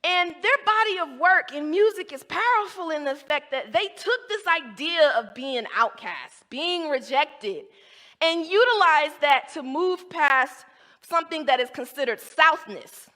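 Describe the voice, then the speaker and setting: Animated woman lecturing in a hall. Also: sits high, measured pace. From American South. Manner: emphatic, rhetorical, with asides. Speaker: guest lecturer. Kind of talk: academic talk to an audience. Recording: long hall reverb.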